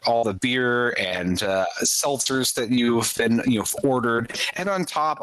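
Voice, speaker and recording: A man leads a tabletop game as game master, unhurried and easygoing as he paints the scene. His pitch rises and falls freely, and he leans on casual fillers. The sound is dry and close. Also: dry recording, poor audio. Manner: relaxed, chatty scene-setting with frequent fillers.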